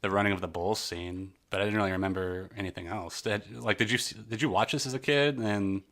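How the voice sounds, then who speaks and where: Casting: male podcast co-host, low-ish bright voice, rambling banter. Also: brisk. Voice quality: jokey, rambling, animated. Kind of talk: casual chat.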